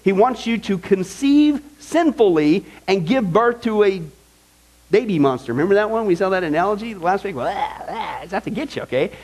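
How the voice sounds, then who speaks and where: A man's voice: high voice, lively intonation, moderate pace, darkish tone. A man teaching a Bible study in an emphatic, conversational way, often checking in with "okay?" and "right?". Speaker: pastor.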